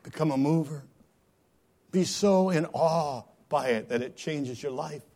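A male pastor telling a story in a sermon, dramatic, swinging from hushed tones to loud cries. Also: fairly high pitch, measured pace.

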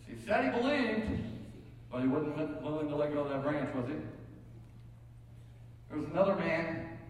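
A man's voice: on the high side, lively intonation, normal speed, a little hiss or hum. A male pastor preaching a sermon, telling folksy stories with joking asides. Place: church sanctuary. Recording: echoey hall from far off.

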